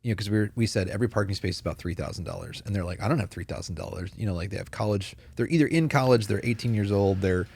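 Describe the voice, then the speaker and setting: A man's voice: lowish voice, rapid-fire, creaky, few pauses, darkish tone. A man in casual conversation on a church podcast, talking earnestly and telling stories with many fillers.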